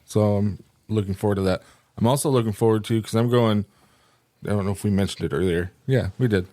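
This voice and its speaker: A man's voice: fairly low pitch, fairly quick, dark tone, dry recording. A man co-hosting a podcast with a slight lisp, chatting in an upbeat way and laughing often. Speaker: podcast co-host. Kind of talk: casual chat.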